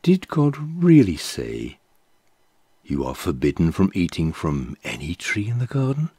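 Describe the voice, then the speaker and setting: A man's voice: deep voice, wildly swooping pitch, measured pace, mellow, slightly rough, no room sound, clean studio sound, exaggerated voice. A man doing a sly, scheming serpent. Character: scheming serpent speaking for the devil.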